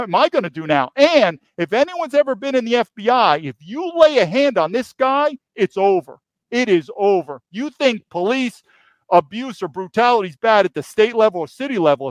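A man's voice: high voice, no room sound. A man from New York, a podcast guest, telling a story emphatically and repeating key phrases. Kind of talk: storytelling interview.

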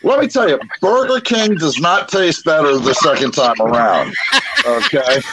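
A man's voice: on the high side, normal speed. A man on a podcast, animatedly telling stories with punchlines in casual chat. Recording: noisy podcast recording.

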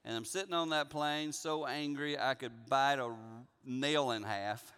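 Guy preaching, bright clear voice, jokey storyteller, echoey church hall. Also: mid-range voice, measured pace. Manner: animated, jokey, acting out dialogue. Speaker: guest pastor. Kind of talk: storytelling sermon.

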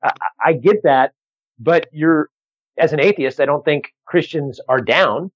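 Rambling comedian telling a story. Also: male voice, on the high side, lively intonation, a little slow, breathy edge, no echo, lo-fi sound. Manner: rambling, lots of restarts and acted-out quotes. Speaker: stand-up comedian, guest. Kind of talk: casual storytelling chat.

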